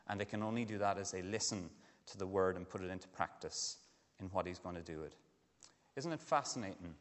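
A man preaching a sermon, earnest and building to emphatic questions. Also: mid-range voice. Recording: long hall reverb.

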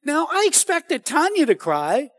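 A man preaching a sermon as pastor, animated and calling out to the congregation. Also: very high-pitched, unhurried, dry recording, clean studio sound.

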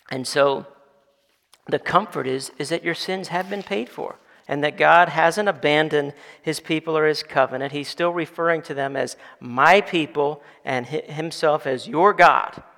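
A man's voice: on the high side, vocal fry, a bit bright. A man preaching a sermon as pastor, building to emphatic calls for the congregation to answer. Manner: building to emphatic call-and-response. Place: church sanctuary. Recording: long reverb of a church hall.

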